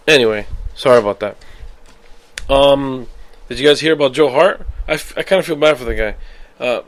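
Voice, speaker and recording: A man's voice: medium pitch, moderate pace. A man hosting a casual solo sports podcast. He rambles, corrects himself often and swears when he gets worked up. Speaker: podcast host.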